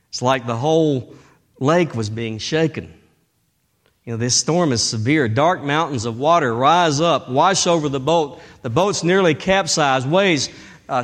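Man, pastor, sermon, somewhat high voice, dramatic swings from loud to hushed. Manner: dramatic preaching, swinging between loud bursts and hushed tones.

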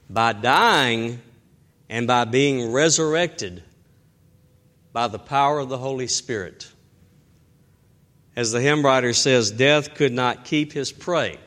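Impassioned male pastor preaching outdoors. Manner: impassioned preaching, swells loud then drops low. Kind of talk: sermon. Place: outdoors in the wind.

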